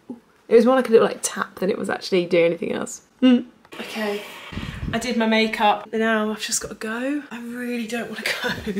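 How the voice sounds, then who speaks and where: A British woman in her twenties vlogs to camera with a fairly high voice, chatting casually in a rambling, self-deprecating way. Background noise can be heard.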